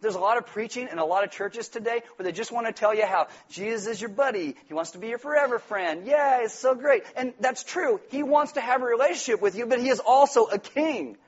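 Husky high-voiced pastor preaching a lively sermon. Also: male voice, quick pace, hardly any pauses. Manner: animated, jokey, acts out quotes in loud voices. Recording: dull lo-fi sound.

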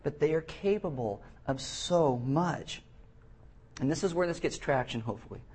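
A man preaching a sermon, animated, reading scripture aloud with emphasis and acting out the quotes. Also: on the high side, normal speed, breathy edge.

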